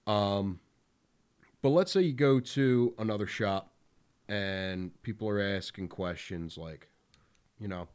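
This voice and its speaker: A man's voice: lowish voice, a little slow, darkish tone. A man hosting a podcast in casual talk, blunt and profane, with lots of fillers. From Philadelphia area. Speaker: podcast host.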